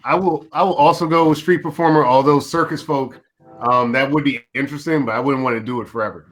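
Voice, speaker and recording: Man, co-host, casual chat, laid-back, slangy, mid-pitched voice. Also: steady tone, quick pace, a bit bright. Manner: laid-back, slangy, says bro and dude.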